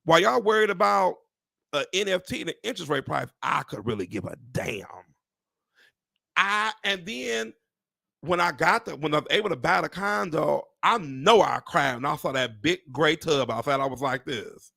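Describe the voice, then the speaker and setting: A man telling animated, profane stories to live viewers, with preacher-like exclamations. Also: on the high side, moderate pace, gravelly, dry recording, studio quality. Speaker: real estate agent hosting a live stream. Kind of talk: casual storytelling to live viewers.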